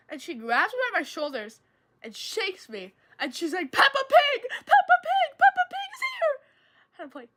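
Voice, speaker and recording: High lively girl chatting while gaming. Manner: rambling, lots of "like" fillers; animated, jumps into high excited tones. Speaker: streamer. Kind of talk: casual storytelling while gaming.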